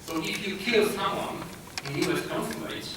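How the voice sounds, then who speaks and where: A man with a Polish accent giving a conference talk, speaking haltingly with many filler sounds and restarts. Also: sits high. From Poland. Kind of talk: conference presentation. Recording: echoey hall, distant mic, noisy.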